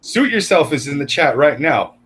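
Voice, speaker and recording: A man co-hosting a stream, telling crude stories in an animated rant. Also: a little high, moderate pace, a crowd in the background. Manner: crude, animated, laughs mid-story. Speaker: stream co-host. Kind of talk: casual storytelling rant.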